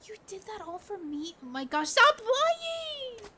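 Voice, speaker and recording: A woman's voice: very high-pitched, very animated, a little slow, very noisy, voice pushed up, heavily acted. A woman playing a squealing, gushing young girlfriend.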